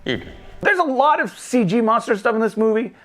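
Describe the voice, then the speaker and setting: A man's voice: very high-pitched, normal speed. A man hosting a movie review show, casually recapping a film plot with jokes and funny voices. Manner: animated, joking, acts out movie lines in funny voices.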